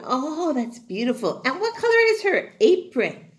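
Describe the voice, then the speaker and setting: A woman's voice: sits high, huge pitch swings, slow pace. Sing-song woman teaching little kids. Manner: exaggerated sing-song, call-and-response. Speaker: kindergarten teacher. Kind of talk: teaching young children. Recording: roomy echoing room.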